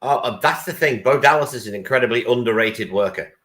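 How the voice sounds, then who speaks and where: A man's voice: medium pitch, fairly quick, over a noisy crowd. A man co-hosting a wrestling podcast, chatting casually and with enthusiasm, swearing now and then. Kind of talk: casual chat.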